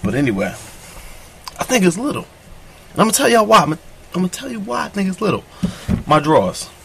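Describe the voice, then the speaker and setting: A man delivers a crude comic monologue in a somewhat high voice, boastful and full of profanity as the story rambles along. Faint noise hums under the recording. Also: wildly swooping pitch, fairly quick, creaky, fairly bright tone.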